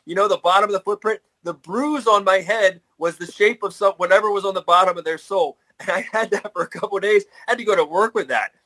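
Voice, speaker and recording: A man's voice: high-pitched, sharp tone, low-quality recording. A middle-aged man co-hosting a podcast in casual chat, rambling and restarting his sentences. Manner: rambling, full of restarts and fillers. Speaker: podcast co-host.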